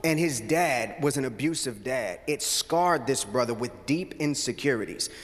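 A man's voice: medium pitch, expressive, moderate pace, a bit bright. A male pastor preaching a sermon into a handheld mic, earnest and mixing scripture with casual slang. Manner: earnest, conversational slang storytelling. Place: church sanctuary. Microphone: handheld microphone. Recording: long hall reverb.

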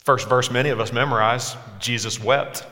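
A man in his forties preaching a sermon, impassioned, moving between hushed lines and emphatic ones. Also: mid-range voice, steady tone, normal speed. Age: 40s. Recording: echoey hall sound.

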